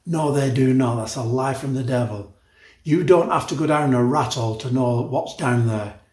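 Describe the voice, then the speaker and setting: An older male pastor in his sixties preaches in a church, his voice carrying round a roomy, echoing hall. He speaks with emphatic conviction, stacks up repeated words and false starts, and drifts into chatty asides. His pitch sits squarely in the middle of the range for a man. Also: normal speed, a little mellow. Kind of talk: sermon.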